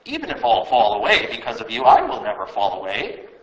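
A man's voice: lowish voice, wildly swooping pitch, brisk, voice pushed down. A man voicing an impulsive, devoted male disciple who speaks emphatically, recorded in a roomy space. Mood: insistent. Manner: insistent, emphatic. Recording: roomy echo.

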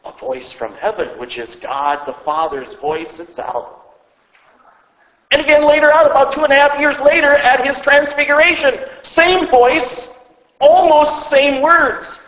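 Male pastor, sermon, very high voice, emphatic rhetorical questions, echoey church hall. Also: a little slow, a bit bright. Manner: stumbles and repeats words when speaking off the cuff.

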